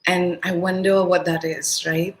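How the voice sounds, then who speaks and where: A woman's voice: fairly low pitch, level tone, unhurried, rough recording. A woman from India, a guest in an online conversation, talking with enthusiasm and searching for her words as she goes.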